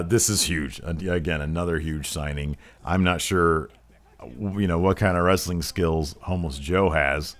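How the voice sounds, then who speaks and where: A man giving jokey, profane mock wrestling play-by-play while playing a video game. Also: sits low. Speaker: gameplay commentator.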